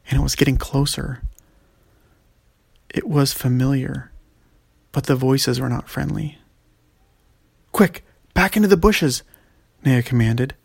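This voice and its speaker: Narrator: man, gravelly, steady storybook read. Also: mid-range voice.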